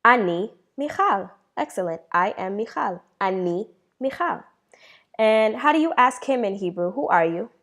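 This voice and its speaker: A woman teaching a beginner Hebrew lesson, asking questions, pausing, then answering them herself with praise and slowing down to model each word. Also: mid-range voice, animated, a bit bright. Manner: slows down to model words.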